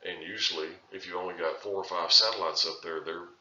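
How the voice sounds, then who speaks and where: A man's voice: sits low, fairly even intonation, a little fast, sharp tone, echoey room, highs cut off. A man teaching a surveying lecture in a loose, conversational way, often restarting his sentences. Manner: conversational, with frequent restarts and filler phrases. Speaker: surveying instructor. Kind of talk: recorded lecture.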